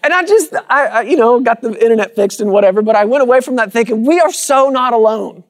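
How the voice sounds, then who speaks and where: A man's voice: very high-pitched, lively intonation, quick pace, some chatter behind. A man preaching a sermon to a congregation, using rhythmic repetition and calling out to the listeners. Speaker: pastor. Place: church sanctuary with congregation.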